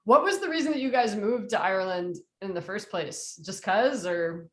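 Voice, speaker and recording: A woman's voice: mid-range voice, animated, normal speed. A woman hosting a casual interview, asking questions and laughing along with her guest. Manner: warm listener, laughs and backchannels.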